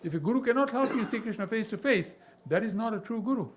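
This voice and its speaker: A man teaching a devotional scripture class, animated and full of rhetorical questions. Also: high voice, quick pace, slight background noise. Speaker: spiritual teacher.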